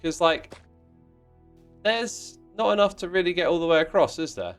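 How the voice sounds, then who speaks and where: A man's voice: high-pitched, lively intonation, normal speed, clean tone, soft background music. A man hosting a game livestream in casual chat, reading out viewer messages in a playful, mock-indignant way with sudden exclamations. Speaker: livestream host playing a block-building game.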